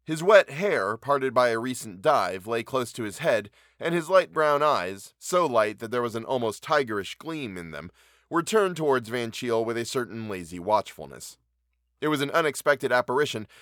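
A man reading a classic short story aloud, measured and wry. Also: mid-range voice, fairly bright tone, no room sound, clean studio sound. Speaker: narrator.

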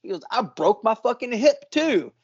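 Profane animated storyteller man, lo-fi. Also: high voice, moderate pace, breathy edge. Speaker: podcast co-host. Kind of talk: casual storytelling.

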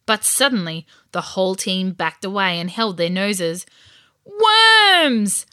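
A woman narrating a children's storybook in a lively, expressive way. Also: lowish voice, moderate pace, clear, resonant tone, no echo, clean studio sound.

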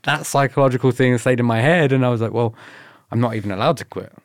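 A man's voice: medium pitch, fast talker, no echo, studio quality. A man telling stories in a casual interview, laughing often and swearing as he acts out what others said to him. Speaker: guest.

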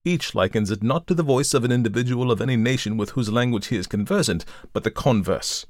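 A man voicing a calm, methodical male detective who reasons aloud in a measured, lecturing way, in an audiobook reading. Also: medium pitch, no room sound, clean studio sound, voice pushed up, lightly acted. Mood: reasoning.

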